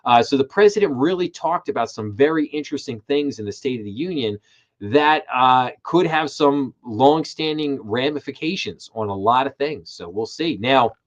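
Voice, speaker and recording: A man's voice: medium pitch, animated, normal speed, muffled recording. A middle-aged man hosting a live finance commentary stream, emphatic and repeating his words when he gets worked up. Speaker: host.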